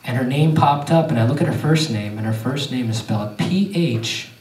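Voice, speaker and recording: A male stand-up comedian doing an animated storytelling set with crowd work on a theater stage. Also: medium pitch, normal speed, distant mic, slight background noise. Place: theater stage before a live audience. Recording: echoey theater heard from afar. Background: audience laughter.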